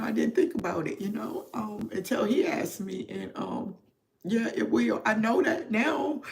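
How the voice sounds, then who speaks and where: A middle-aged woman speaks to her livestream audience as a spiritual therapist, her voice emotional and confiding. She talks slowly and reflectively, pausing often and leaning on soft fillers as she searches for words. The tone is that of a personal, confessional talk. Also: mid-range voice, creaky. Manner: slow, reflective, heavy with pauses and fillers.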